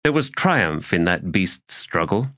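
A man reading a fantasy audiobook in a measured, solemn way. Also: low voice, big pitch swings, a bit bright, no room sound, studio quality. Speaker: audiobook narrator. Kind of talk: scripted fantasy narration.

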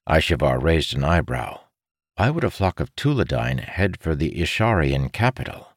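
A man reading a fantasy story aloud in scripted, measured narration. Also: very deep voice, expressive, no echo, studio quality. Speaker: audiobook narrator.

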